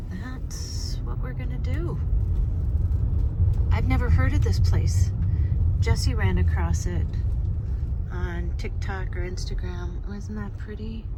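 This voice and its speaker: Chatty woman in her sixties vlogging. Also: medium pitch. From Minnesota. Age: 60s. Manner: rambling, relaxed, many fillers. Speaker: travel vlogger. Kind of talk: casual chatty vlog. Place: inside a car on a road trip. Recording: road and engine noise behind.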